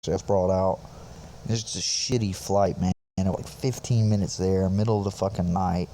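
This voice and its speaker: Speaking at a normal pace with fairly even intonation, a young podcast host and former infantryman rambles through a profane army story in an easygoing, casual manner. The low, warm voice comes with slight background hiss or hum.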